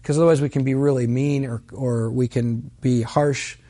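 A man's voice: medium pitch, steady tone, moderate pace, warm tone. A man preaching a sermon as pastor, telling a personal story in an earnest, conversational way that builds to emphatic peaks.

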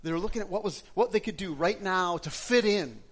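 A man from Wisconsin delivers a sermon built around his own testimony. His voice sits a little high for a man. He swings from loud, lifted passages down to hushed, quiet ones. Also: expressive, fairly quick. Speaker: pastor giving his testimony.

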